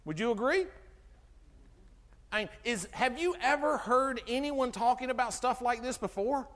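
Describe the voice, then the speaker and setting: A middle-aged man giving an animated health talk to an audience, asking them questions and acting out conversations. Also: extremely high pitch, normal speed. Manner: animated, asks the audience questions, acts out dialogue. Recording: long hall reverb from a live talk.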